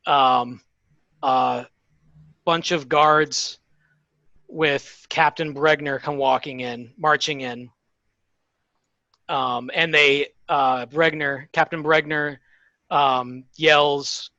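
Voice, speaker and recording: A man narrating a tabletop game as game master, in a halting way with many fillers. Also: a little high, fairly even intonation, sharp tone, no echo, muffled recording.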